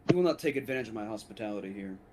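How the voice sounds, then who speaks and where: A man's voice: on the low side, expressive, racing, a little mellow, slight background noise, natural voice. A man playing a stern, impatient host who speaks in curt commands in a tabletop game.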